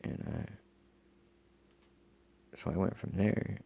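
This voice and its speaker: A man with a very low, gravelly voice tells his story in a loose, rambling way, with lots of cursing and fillers. His tone is dark and mellow. The voice sounds raspy and husky rather than clear. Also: steady tone, slow. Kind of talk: casual first-person account.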